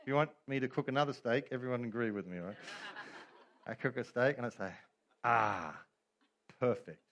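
Pastor preaching, animated. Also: male voice, medium pitch, fast talker. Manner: animated storytelling with humor and quoted voices. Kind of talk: sermon.

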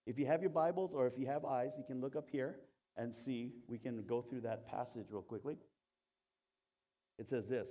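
A man preaching a sermon, telling a story with animation and swinging from loud to hushed, in a conversational way. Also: medium pitch, a little fast. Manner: conversational, asks the congregation "Okay?". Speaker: pastor.

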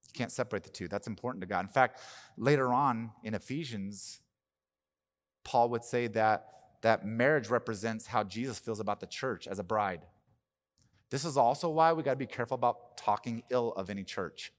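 A man preaching as pastor of his church, telling stories in a conversational way that breaks into loud, animated bursts. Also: medium pitch, normal speed. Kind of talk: sermon. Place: church sanctuary. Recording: long hall reverb.

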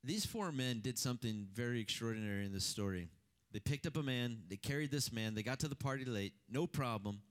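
A man preaching a sermon, reading scripture and then talking in a conversational, animated way with rhetorical questions to the congregation. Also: medium pitch, brisk. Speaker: pastor.

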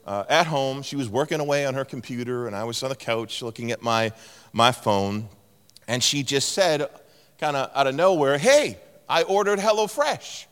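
A man's voice: moderate pace, clear, resonant tone. A middle-aged man preaching a sermon in a large church, telling stories and playfully mimicking voices. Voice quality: animated storytelling with playful mimicry of a higher-pitched tone. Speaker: pastor. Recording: long hall reverb.

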